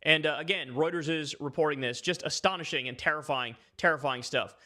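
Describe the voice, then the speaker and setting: Guy ranting about politics on a stream, kinda high bright voice, swears a lot. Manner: emphatic, swears freely, fast rants. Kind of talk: live political commentary.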